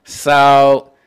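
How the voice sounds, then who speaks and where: A man's voice: medium pitch, clean tone. A man hosting a commentary show, ranting sarcastically and profanely about a listener's letter. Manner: profane and sarcastic, repeats "wait, wait". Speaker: host of a call-in commentary show.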